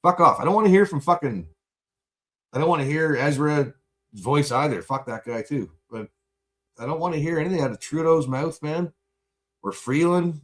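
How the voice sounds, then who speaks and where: A man venting in a profane, angry livestream rant, buzzed and high. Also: normal speed.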